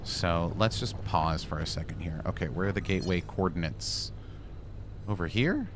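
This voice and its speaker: A low-voiced man narrates his gameplay in a chatty, casual way. He talks back to the game and lets out flustered yelps. Game sounds play clearly behind him. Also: moderate pace, background noise. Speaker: gaming YouTuber.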